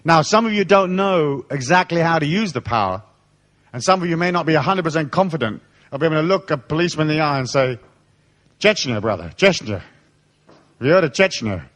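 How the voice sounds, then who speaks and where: A man giving a live seminar, telling blunt, profane stories in a lively way. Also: a little high, fast. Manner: animated storytelling, blunt and profane. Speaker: seminar speaker. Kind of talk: live seminar talk with anecdotes.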